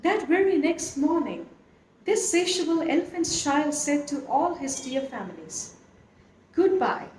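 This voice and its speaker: A woman reads a storybook aloud with a high, lilting voice that swoops expressively. Her telling is animated and lively. The recording has a roomy echo and a faint background hiss. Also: a little slow. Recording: echoey room, faint noise.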